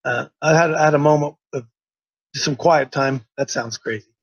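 A male host who rambles in a folksy, easygoing way and keeps cutting himself off. His voice sits a little high for a man and sounds close and dry. The recording is dull and lo-fi. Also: normal speed, dry recording. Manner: rambling, folksy, self-interrupting. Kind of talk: casual livestream chat.

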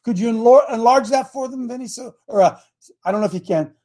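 A man hosting a Christian talk show as a coach, preaching emphatically, repeating key words slowly and calling out to his crew by name. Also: very high voice, darkish tone. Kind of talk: fiery preaching-style talk to viewers.

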